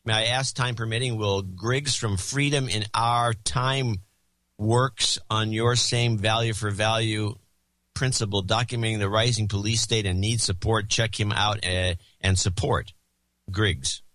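A man's voice: lowish voice, fairly even intonation, unhurried, bright, forceful tone, dry recording. A man co-hosting a podcast, reading donor credits in casual banter with a dry manner. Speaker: podcast co-host.

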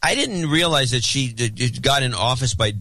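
A man co-hosting a casual chat show, rambling with restarts and quick asides. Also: medium pitch, lively intonation, sharp tone, no room sound. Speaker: podcast co-host.

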